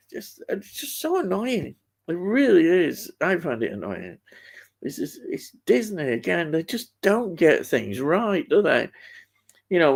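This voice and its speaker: A man hosting a casual live stream, chatting about films and reading out viewer comments, rambling and hesitant with many ums and restarts. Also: a little high. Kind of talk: casual chat.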